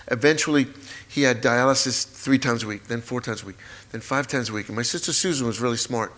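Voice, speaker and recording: A man in his sixties, a memoir author, telling a personal story at a live talk event, halting, repetitive and openly emotional. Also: mid-range voice, a bit bright. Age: 60s.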